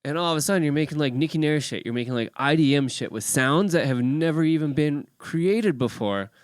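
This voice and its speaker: Smooth-voiced excitable producer dude. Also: male voice, fairly high pitch, a little fast, no echo, studio quality. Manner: rambling, excitable, swears freely, full of "like". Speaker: guest music producer and DJ. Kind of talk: casual podcast chat.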